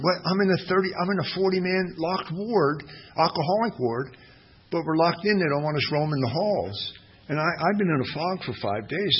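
A man's voice: a little high, breathy edge. An older man giving a recovery talk at a meeting, telling his story in a folksy, wry, self-mocking way. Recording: dull lo-fi recording with faint hiss.

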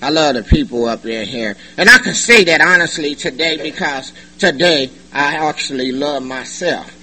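A middle-aged man giving a personal testimony at a recovery meeting, animated and joking, in loose slangy talk. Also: a little high, normal speed, slightly rough, poor audio. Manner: animated, joking, colloquial, laughs often. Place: meeting room.

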